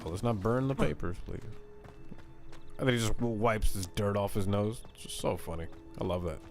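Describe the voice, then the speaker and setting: A man streaming a video game, chatting excitedly and casually while reading chat messages aloud. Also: fairly low pitch, normal speed, vocal fry. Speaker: gaming streamer. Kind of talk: casual let's-play commentary. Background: game music.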